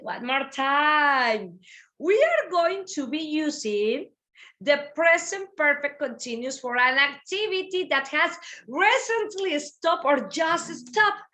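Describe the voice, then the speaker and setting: A woman teaching English grammar in an online class. She moves between English and Spanish, explains patiently and repeats key phrases with lively emphasis. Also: sits high. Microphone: video call.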